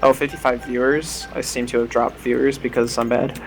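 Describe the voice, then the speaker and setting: A man's voice: mid-range voice, level tone, brisk. A young man streaming a speedrun, chatting casually with rambling, sarcastic asides. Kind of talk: casual stream chat over gameplay. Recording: game music playing behind.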